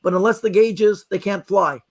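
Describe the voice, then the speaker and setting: A middle-aged man, a magician guest on a podcast, telling a travel story in a lively way and acting out the people in it. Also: high voice, normal speed. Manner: lively anecdotal telling with acted-out quotes. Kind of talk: animated storytelling.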